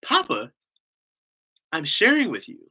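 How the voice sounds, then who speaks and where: A man's voice: a little high, wildly swooping pitch, unhurried, pushed and bright, husky, voice pushed up, exaggerated voice. A man putting on a sweet, innocent little girl. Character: clever cheeky three-year-old girl.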